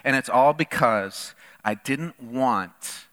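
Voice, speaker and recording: A middle-aged man preaching as lead pastor, telling stories with rhetorical questions and swinging between loud and quiet. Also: mid-range voice, slow, in a large hall. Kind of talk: sermon.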